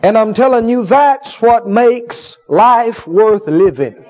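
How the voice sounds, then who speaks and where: Male preacher, high voice, emphatic and repetitive, sermon, muffled lo-fi recording. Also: animated, slow. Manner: emphatic, repetitive, call-and-response with the congregation. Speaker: healing school teacher and preacher. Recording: dull lo-fi sound.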